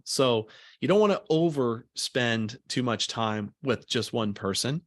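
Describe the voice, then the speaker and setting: A man teaching a recorded communication lesson as a coach, speaking in an encouraging way with deliberate pauses. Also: medium pitch, no room sound, studio quality.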